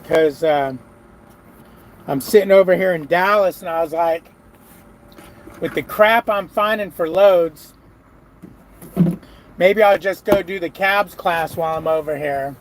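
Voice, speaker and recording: Weary high-voiced trucker grumbling. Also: male voice, a little slow, long pauses, slight background noise, low-quality recording. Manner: weary, grumbling, frequent sighs. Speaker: truck driver. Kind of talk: casual vlog talk. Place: parked truck cab.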